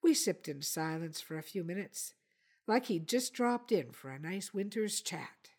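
A woman narrating a story in a measured, even audiobook style. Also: fairly low pitch.

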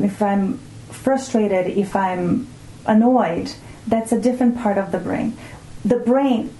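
A woman speaks as a mindfulness teacher in an interview, calm and reflective, slowing down on key words. Her voice is mellow and soft-edged. The room around her adds a noticeable echo. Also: mid-range voice. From Brazil. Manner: calm, reflective, often slows to stress words. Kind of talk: explanatory interview talk. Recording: roomy echo.

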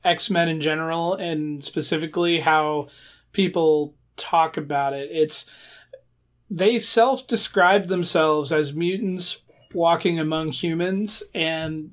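High-voiced man airing a pet peeve. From American Midwest. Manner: earnest, nitpicky, apologetic. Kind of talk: casual podcast chat.

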